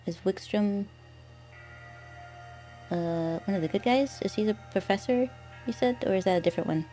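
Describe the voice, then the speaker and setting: A woman's voice: mid-range voice, moderate pace, mellow, faint music behind. A woman streamer giving casual gameplay commentary, chatty and thinking aloud.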